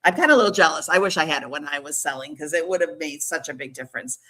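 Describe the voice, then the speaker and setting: Speaking with a low, slightly bright voice and lively intonation, a middle-aged woman guests on a podcast for a casual interview chat. She's eager, laughs easily, and talks in a promotional way.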